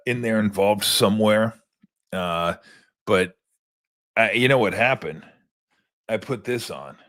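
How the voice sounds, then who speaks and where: An older man with a lowish, fairly bright voice hosts a sports talk show, rambling loosely through a monologue peppered with profane, sarcastic asides.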